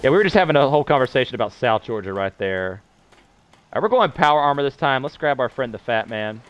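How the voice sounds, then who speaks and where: A man's voice: medium pitch, animated, fast talker, a bit bright, highs cut off, a little hiss or hum. Chatty man streaming a game. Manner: chatty, playful, reading chat aloud. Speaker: gameplay streamer. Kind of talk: casual gameplay commentary.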